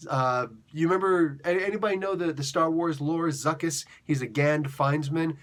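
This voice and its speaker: A man's voice: a little high, moderate pace. A man hosting a casual review monologue, rambling and joking, with many fillers and restarts. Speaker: review show host.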